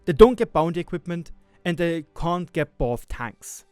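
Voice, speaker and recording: Fed-up gaming man ranting, smooth voice. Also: fairly high pitch, animated, normal speed, a little mellow, dry recording, soft background music. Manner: frustrated, profane, repetitive ranting. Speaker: gaming YouTuber. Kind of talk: ranting commentary.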